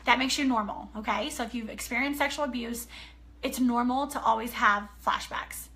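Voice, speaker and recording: Earnest woman author, thirties, bright and a little high, animated storyteller. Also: moderate pace. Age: 30s. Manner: earnest, animated storytelling, often checks in with "okay?". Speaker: author sharing a personal story. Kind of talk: casual personal talk.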